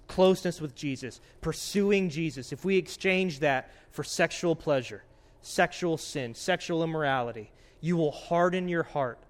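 A man preaching a sermon as pastor, earnest, swinging between loud urgency and hushed warnings. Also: a little high.

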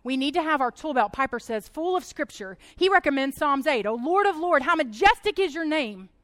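A woman speaks to a group in a chatty, animated sermon, laughing as she goes. Her voice sits high and bright in pitch. The sound is close and dry, with almost no room echo. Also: fairly quick. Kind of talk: casual sermon talk.

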